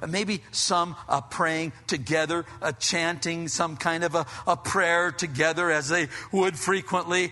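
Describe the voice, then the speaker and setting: A man preaching a sermon to his congregation, acting out scenes and dropping to hushed tones. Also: a little high, a little slow, hardly any pauses, in a large hall. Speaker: pastor.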